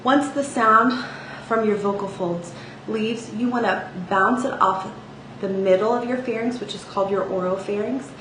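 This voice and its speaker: A woman's voice: medium pitch, normal speed. A woman teaching a singing lesson, speaking casually with sung demonstrations and frequent "okay?" check-ins. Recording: echoey room with faint ambient noise.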